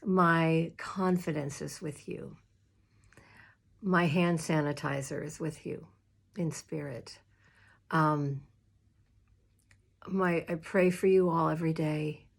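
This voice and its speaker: Taking her time, with long pauses and a creaky yet steady voice, a woman minister gives fellow clergy warm, informal, emotional advice, adding fillers and soft laughs. A chair squeaks in the room around her.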